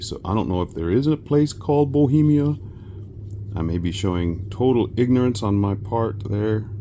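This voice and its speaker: A man from South Texas chatting casually while he works, a rambling storyteller who often clears his throat. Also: on the low side, dark tone, slight background noise. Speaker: resin crafting vlogger.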